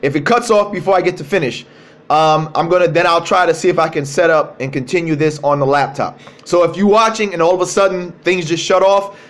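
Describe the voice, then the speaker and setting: Male speaker, high-ish voice, streaming a religious talk from his phone, drives points home by repeating them. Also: a bit bright. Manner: emphatic, repeats key phrases, slows to stress words. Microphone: cell phone.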